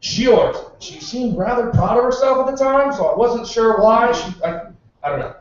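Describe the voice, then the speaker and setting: A man's voice: extremely high pitch, expressive, moderate pace, a little hiss or hum. A man doing a stand-up comedy set at a bar's open-mic night, telling sarcastic stories about his bartending customers, with profanity. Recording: echoey bar room, distant dull mic.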